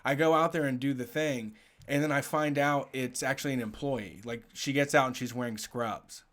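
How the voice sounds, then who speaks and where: A man's voice: medium pitch, moderate pace. A man on a casual talk show, telling a story with lots of swearing, laughing through parts of it. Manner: animated, profane, laughs while telling. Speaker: podcast host telling a story.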